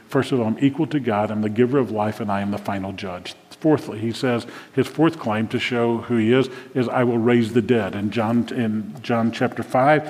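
A man's voice: mid-range voice, darkish tone. A man preaching a sermon as pastor, chatty and loose at times, then building to emphatic declarations. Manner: conversational, shifts to emphatic declarations. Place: church sanctuary. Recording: long reverb of a church hall.

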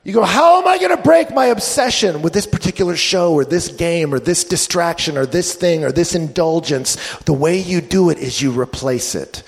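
Man preaching, slightly high gravelly voice, animated delivery, echoing hall reverb. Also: normal speed, few pauses. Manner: animated, swings from loud bursts to hushed tones. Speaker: pastor. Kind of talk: sermon.

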